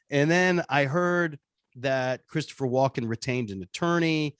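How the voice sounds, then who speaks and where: Animated storyteller man, dry close mic. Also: on the high side, moderate pace, no room sound. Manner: animated, laughing, acts out dialogue in voices. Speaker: radio show personality, guest. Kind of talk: casual interview storytelling.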